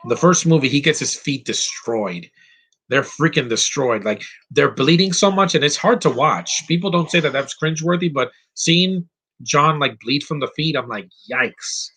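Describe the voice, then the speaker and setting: A man's voice: on the high side, moderate pace, fairly bright tone, husky. A man giving casual live commentary over a film, opinionated and rambling, with frequent fillers and restarts. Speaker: movie commentary host.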